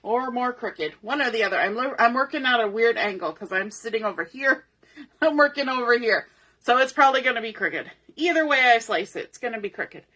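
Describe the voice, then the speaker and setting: A woman's voice: a little high, lively intonation, brisk, sharp tone. A middle-aged woman hosting a papercraft tutorial, talking through each step aloud in a chatty way at her craft table. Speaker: papercraft host.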